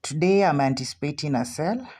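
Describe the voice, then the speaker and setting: Kenyan lady streaming her trades live, low voice, jumpy and repeats herself a lot. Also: a little fast, slightly rough. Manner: anxious, excitable, repeats herself. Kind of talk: live trading commentary.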